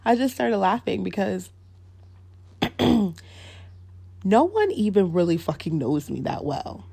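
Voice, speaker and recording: A young woman hosting her own podcast, telling a story in a blunt, profane, animated way and acting out both sides of the dialogue. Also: mid-range voice, takes it slowly, gravelly, pauses often, husky. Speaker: podcast host. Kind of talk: casual storytelling rant.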